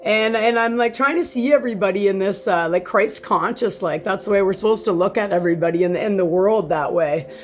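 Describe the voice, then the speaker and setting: A woman vlogging from home in a casual, heated rant, rambling and swearing with lots of restarts, filmed by a camera set far back in the room. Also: mid-range voice. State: sore back.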